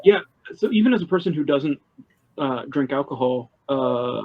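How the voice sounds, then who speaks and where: A man's voice: medium pitch, lively intonation, moderate pace. A man in upbeat, teasing casual chat. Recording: dull lo-fi mic.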